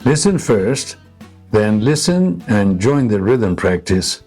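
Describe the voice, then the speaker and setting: A man narrating a scripted English lesson, explaining pronunciation slowly and deliberately. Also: on the low side, sing-song, darkish tone, faint music behind. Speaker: English teacher.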